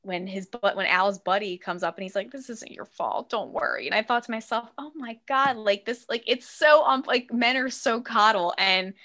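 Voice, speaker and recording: A woman co-hosting a podcast, talking in a lively, casual way, acting out quotes and swearing freely. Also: moderate pace, hardly any pauses. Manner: animated, acts out quotes with big pitch jumps. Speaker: podcast co-host. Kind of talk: casual chat.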